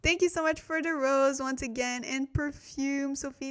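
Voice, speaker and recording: High-voiced tired woman hosting a language livestream. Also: fairly even intonation, moderate pace. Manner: chatty, thanks viewers, laughs at her own slips. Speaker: Korean language livestream host. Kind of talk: casual livestream teaching.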